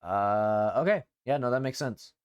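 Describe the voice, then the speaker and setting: A man hosting a casual live stream as a VTuber, talking in loose, rambling chat. He swears freely and drifts from thought to thought in a mid-pitched voice. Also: measured pace, clear, resonant tone, dull audio.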